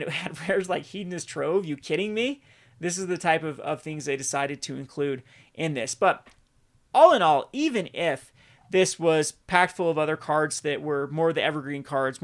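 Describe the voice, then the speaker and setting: Host type, a man with a slightly higher voice, rambling, self-correcting, exasperated. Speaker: channel host. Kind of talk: casual market commentary video.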